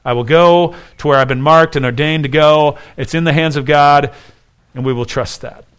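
Jesus, a preacher's calm resolute voice. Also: male voice, on the high side, normal speed, clean tone, natural voice. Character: Jesus, a calm, resolute man speaking to his disciples.

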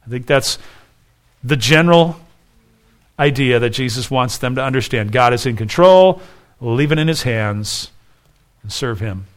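A man's voice: medium pitch, animated, unhurried, long pauses. A man preaching a sermon as pastor, earnest and conversational, often restarting his phrases.

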